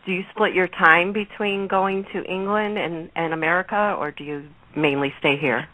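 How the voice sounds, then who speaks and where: A woman's voice: fairly low pitch, steady tone, normal speed, pushed and bright, no room sound, poor audio. A woman with a Chicago accent hosting a radio interview, chatty and laughing often. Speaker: radio show host. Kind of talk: friendly interview chat.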